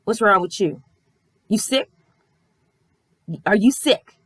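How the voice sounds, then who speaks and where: A woman imitating a pushy, brusque female physical therapist who fires accusing questions, louder and a little higher than her own voice. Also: slow pace, slightly rough, no echo. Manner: loud, interrogating, accusing.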